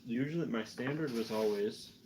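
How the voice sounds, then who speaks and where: With a medium-pitched voice at normal speed, a Canadian man rambles and teases himself while painting miniatures on a stream, tipsy from drinking. Noise fills the background.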